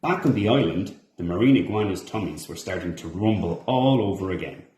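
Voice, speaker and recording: A man reading a children's storybook aloud, expressive and animated. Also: sits low, a little fast, roomy sound, background noise. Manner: expressive, animated character voices. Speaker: storybook reader. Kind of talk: children's read-along narration.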